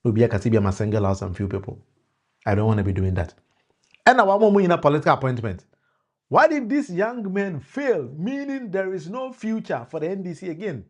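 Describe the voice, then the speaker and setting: A man's voice: on the high side, very animated, a little fast, a little mellow. Ghanaian man mixing Twi and English. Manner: mixes Twi and English, repeats and restarts, addresses viewers by name. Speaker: political commentator. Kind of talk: live-stream political talk.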